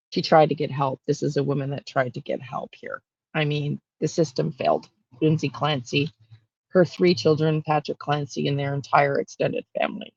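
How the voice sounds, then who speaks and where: A woman talking straight to camera as a true crime intuitive, rambling and halting with lots of fillers and restarts. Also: low-pitched, creaky, no echo, dull audio. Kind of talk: casual monologue on camera.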